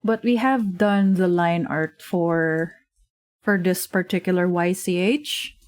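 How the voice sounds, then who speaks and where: Speaking slowly in a darkish, low-ish voice with no echo, a woman streamer draws while holding a casual livestream chat from a desk mic at home. She's a digital artist who rambles, uses lots of fillers and laughs a lot.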